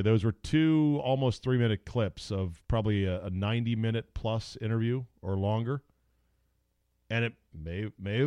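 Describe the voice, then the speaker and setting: A man's voice: fairly low pitch, a little mellow, dry recording, studio quality. A man hosting a podcast, talking casually in a blunt, crude, jokey way. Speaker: podcast host. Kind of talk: casual opinionated podcast talk.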